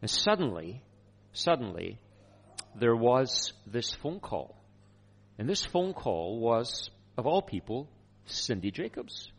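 A man preaching a sermon, telling a personal story in a lively way with chuckles. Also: mid-range voice, takes it slowly, vocal fry, breathy edge.

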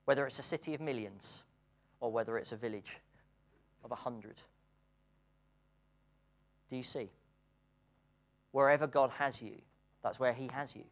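At a moderate pace with frequent pauses, a British preacher with a mid-range voice delivers his sermon earnestly. He swings between hushed and excited moments and laughs between points.

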